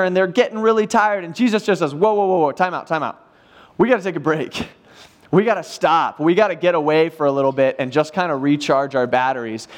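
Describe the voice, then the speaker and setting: A man preaching a sermon in church, retelling a Bible story in a casual, animated way with acted-out quotes. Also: sits high. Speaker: pastor.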